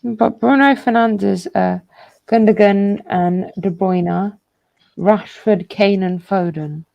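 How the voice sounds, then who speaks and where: A woman hosting a live stream and reading out viewer comments, relaxed and hesitant with lots of fillers. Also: medium pitch, takes it slowly, gravelly, dull audio.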